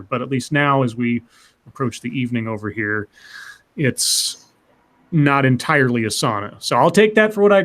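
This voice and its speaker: A man of middle pitch hosts a laid-back live stream and talks in loose, rambling stretches. He hesitates often and pads his sentences with fillers as he chats with his co-hosts. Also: fairly bright tone. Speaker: podcast host. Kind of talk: casual live stream chat.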